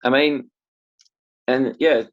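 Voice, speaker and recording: A man's voice: mid-range voice, steady tone, slow pace. A man co-hosting a casual wrestling chat, mostly giving short, dry agreeing replies. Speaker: co-host. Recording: dull lo-fi recording.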